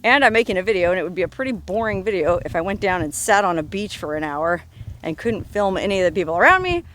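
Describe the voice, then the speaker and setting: A woman's voice: on the low side, sing-song, quick pace, fairly bright tone, slight background noise. A woman narrating a travel vlog outdoors on a coastal trail, in a wry, joking, self-mocking way. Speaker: travel vlogger.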